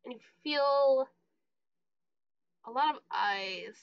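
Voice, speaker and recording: A woman running a tabletop role-playing game as game master, narrating in a calm, laid-back way. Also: sits high, very slow, vocal fry, lo-fi sound.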